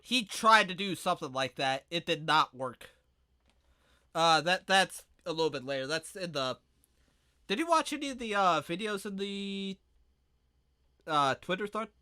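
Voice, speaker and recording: A man co-hosting a podcast in casual chat, joking crudely and often breaking into loud mock-shouted impressions. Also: sits high, expressive, moderate pace, long pauses, smooth. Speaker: podcast co-host.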